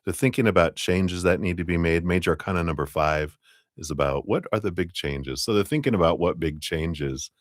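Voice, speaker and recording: Man, middle-aged, low voice, dry close sound, chatty tarot stream reader, laughs a lot. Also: brisk, dry recording. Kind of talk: live-stream tarot reading.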